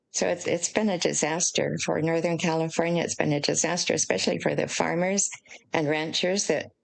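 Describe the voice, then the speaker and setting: An older American woman with a low voice and a gravelly edge explains her points at length as an interview guest. She speaks in an earnest, measured way. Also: poor audio. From United States. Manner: earnest, emotional at times, measured.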